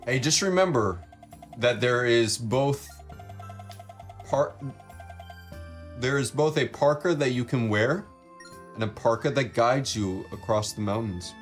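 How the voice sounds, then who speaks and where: A man's voice: medium pitch, unhurried, pauses often, faint music behind. A man chatting casually and joking while he plays through a video game. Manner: rambling, jokey. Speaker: let's play host. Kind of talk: casual gameplay commentary.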